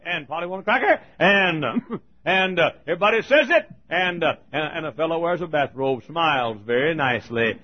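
A man preaching a fiery sermon as pastor, folksy and rising to thundering shouts. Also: fairly high pitch, animated, brisk. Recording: lo-fi recording.

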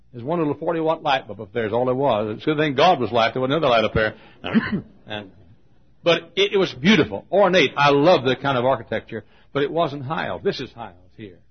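A gravelly, husky older man preaches in a folksy storytelling sermon, stumbling over repeated words and coughing often. His voice carries through a church auditorium on a dull, lo-fi recording. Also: medium pitch. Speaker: pastor.

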